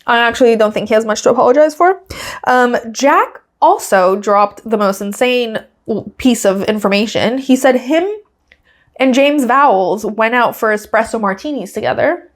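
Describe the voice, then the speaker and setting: A woman with a fairly high voice hosts a casual solo podcast. She chats and giggles through her recap and acts out other people's quotes in raised, lively voices. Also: normal speed. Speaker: podcast host.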